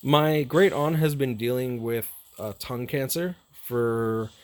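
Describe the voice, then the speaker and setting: A young man talking casually to his viewers, rambling and repeating himself, swearing freely, halting and emotional. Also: medium pitch, clear, resonant tone. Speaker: streamer.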